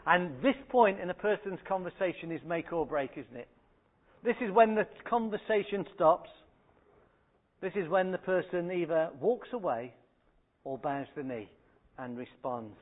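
A man in his thirties preaching a sermon in a conversational, anecdotal way. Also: high-pitched. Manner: anecdotal and conversational, with acted quotes. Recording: phone-like narrow band.

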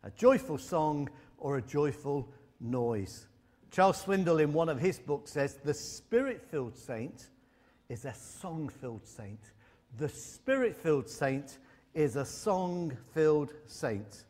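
Male preacher, slightly high voice, storytelling sermon with punchy repetition. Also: lively intonation, slow, darkish tone. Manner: storytelling with humor and emphatic repetition.

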